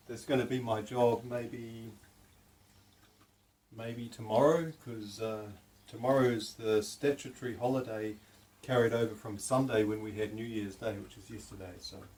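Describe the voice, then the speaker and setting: A man chatting excitedly at home beside a fish tank, often cooing to his pet fish in a high sing-song voice. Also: slight background noise. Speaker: vlogger. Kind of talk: casual home vlog.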